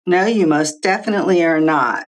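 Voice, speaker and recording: Low-voiced woman explaining calmly. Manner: measured, explanatory, lists figures clearly. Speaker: social worker and guest expert. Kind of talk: informative interview answers.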